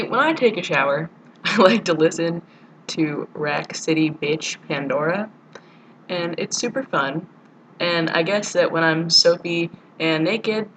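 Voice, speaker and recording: A woman's voice: on the low side, a bit bright, a little hiss or hum, low-quality recording. Giggly young woman rambling on camera. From United States. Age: young adult. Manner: chatty, giggly, rambling with many likes. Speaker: vlogger. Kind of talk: casual video diary to a friend.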